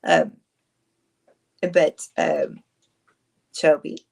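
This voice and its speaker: A woman's voice: low-pitched, sing-song, very slow. A woman, chatting casually on a livestream, rambling, answering viewers and laughing often. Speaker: livestream host.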